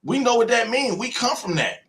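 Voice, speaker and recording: A man's voice: extremely high pitch, big pitch swings, moderate pace, a bit bright. An American man hosting a live stream, talking in an emphatic, repetitive way and acting out other people's voices. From United States. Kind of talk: heated opinion talk on a live stream.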